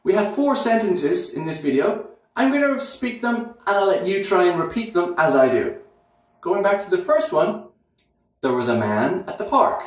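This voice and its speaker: A man teaching English pronunciation, repeating short phrases slowly and clearly for learners to copy. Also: high-pitched, expressive. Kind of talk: slow, drilled pronunciation lesson. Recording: very echoey room, mic at a distance.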